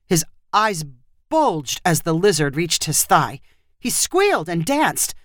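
A woman narrating a short story with an expressive, lively reading style. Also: on the low side, slow pace, dry recording, clean studio sound.

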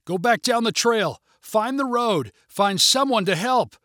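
A worried father calls up to his daughter, firm and pressing despite the danger. A man voices him in a storybook reading. His voice sits a touch high and sounds dry and close. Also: expressive, measured pace, bright, forceful tone, no echo, exaggerated voice. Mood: urgent. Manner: urgent, insistent. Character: worried father, urgent but steady.

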